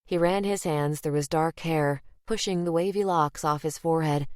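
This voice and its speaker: A woman narrating a crime thriller audiobook in a measured, even way. Her voice sits low and the recording is dry and close, with no room sound. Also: clean tone, no echo. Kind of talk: scripted narration.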